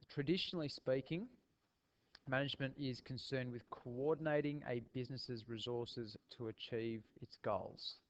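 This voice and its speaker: A man's voice: medium pitch, muffled recording. Man with a stuffy cold voice. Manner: relaxed, with frequent ums and restarts. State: nasal from a cold. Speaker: teacher. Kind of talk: recorded video lecture.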